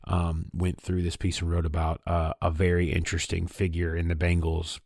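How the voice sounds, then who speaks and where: A male podcast host talks in eager, chatty casual conversation. His voice is deep. The sound is dry and close, with no room around it. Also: completely flat delivery, normal speed, vocal fry, darkish tone, no echo.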